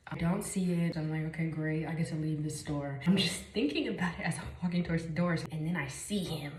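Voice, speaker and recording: A young woman from Chicago telling a story time while doing her makeup, animated, dropping to whispers and jumping up in bursts. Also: low voice, normal speed. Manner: animated, jumps between whispers and bursts of exclaiming. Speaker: vlogger. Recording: echoey room, faint noise.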